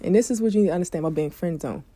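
A woman's voice: on the low side, very fast, dark tone, husky, dry recording. A woman telling a story to her viewers in a casual, candid way and swearing freely. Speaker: vlogger giving dating advice.

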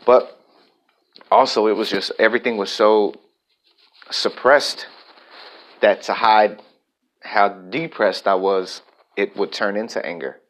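A man's voice: lowish voice, steady tone, slow, long pauses, a bit bright, poor audio. A man vlogging a personal, reflective monologue, talking candidly and rambling with frequent restarts.

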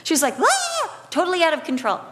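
A woman with a high voice preaching a sermon. She moves between emphatic declarations and quieter, drawn-out phrases, and drops in light humorous asides to the congregation. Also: noisy background. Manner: expressive, swings between emphatic and hushed delivery.

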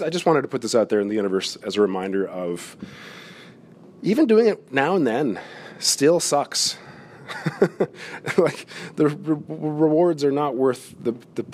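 Male podcast host, husky voice with animated pitch swings, candid confessional monologue alone in a gym room. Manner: candid, rambling, self-deprecating, swears often. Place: alone in a gym's hot yoga room.

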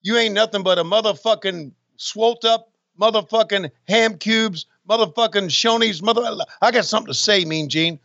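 A man's voice: high voice, vocal fry, sharp tone, dry recording, highs cut off, voice pushed up, heavily acted. A man putting on the voice of a boastful, profane male wrestler cutting a promo. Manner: boastful, profane, rapid-fire. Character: brash trash-talking male wrestler.

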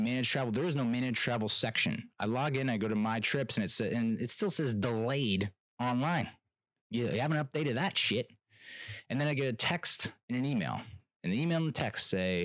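A man's voice: mid-range voice, fairly bright tone, dry recording, studio quality. A young man telling a travel story as a casual rant, exasperated and sarcastic, laughing often and swearing.

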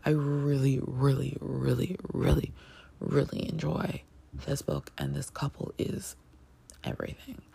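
A woman chatting casually as she reviews a book, gushing with lots of fillers and sudden excited jumps in pitch. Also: a little slow, vocal fry, slightly rough.

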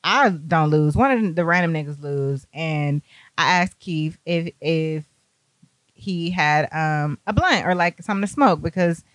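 A young woman telling a party story, animated and profane, acting out what people said. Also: low voice, measured pace, no echo. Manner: animated, profane, acts out quotes. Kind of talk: casual storytime.

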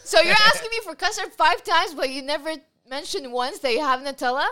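Bright, high, teasing woman co-host. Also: a little fast. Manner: teasing, playfully indignant. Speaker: podcast co-host. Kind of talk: casual chat.

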